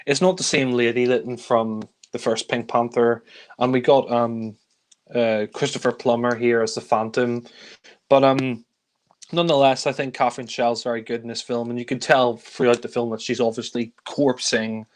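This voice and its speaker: A man's voice: mid-range voice, little pitch movement, moderate pace. A man casually reviewing films, rambling through scenes with lots of fillers and frequent chuckles. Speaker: film reviewer. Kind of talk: casual film review chat.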